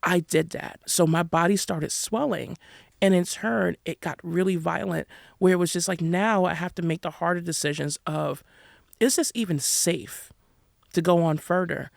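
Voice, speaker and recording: Gravelly-voiced New woman, candid. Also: fairly low pitch, normal speed, no echo, clean studio sound. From New York City. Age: 30s. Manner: animated, frank, laughs often. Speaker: podcast guest, endurance runner. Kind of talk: candid storytelling interview.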